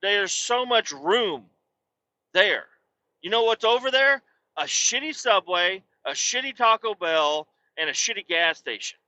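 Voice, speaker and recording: A man hosting a podcast, telling a casual, profanity-heavy story and working himself up into shouting tirades. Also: high voice, animated, a little slow, dull audio. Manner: swears constantly, works himself up into shouting tirades. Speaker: podcast host.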